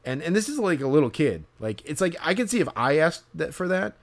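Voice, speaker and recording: A man's voice: a little high, very animated, fairly quick. A man telling a story in casual podcast chat, rambling with lots of fillers and restarts.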